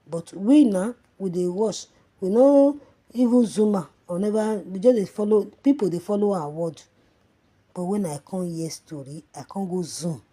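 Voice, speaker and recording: Nigerian woman gossip vlogger, husky, angry and mocking rant, loud then muttering. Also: medium pitch, normal speed. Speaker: social media commentator. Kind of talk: ranting gossip vlog in pidgin and Yoruba.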